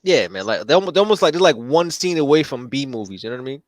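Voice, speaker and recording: A man in casual chat, profane and excitable, repeating himself, his voice jumping up when he gets worked up. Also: mid-range voice, racing, no room sound.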